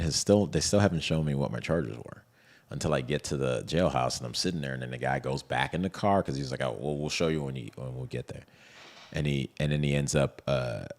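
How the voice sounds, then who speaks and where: A man speaks in an extremely low, gravelly register. He guests on an interview show and tells his experience in a lively, conversational way, slipping into quoted lines from the people he met. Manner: animated, retells scenes with quoted voices. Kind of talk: casual storytelling interview.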